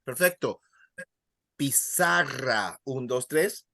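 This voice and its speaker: Slow, unhurried male Spanish teacher. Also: fairly high pitch, a loud crowd. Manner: encouraging, counts students in and praises answers. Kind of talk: classroom language lesson.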